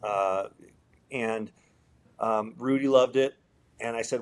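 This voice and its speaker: A man who builds guitars, telling a story in a relaxed, rambling way, with lots of fillers and quoted dialogue as an interview guest. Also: mid-range voice, slow pace, long pauses, smooth.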